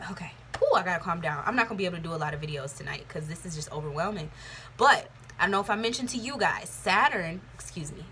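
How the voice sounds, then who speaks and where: A woman's voice: fairly low pitch, bright, forceful tone, slight background noise. A young woman giving a casual tarot reading, talking candidly and rambling, with plenty of swearing. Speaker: tarot reader.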